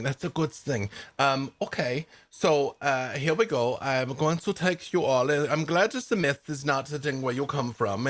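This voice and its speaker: A man's voice: mid-range voice, fairly bright tone, natural voice. Man putting on a chatty old woodland woman. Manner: broken foreign-sounding put-on accent.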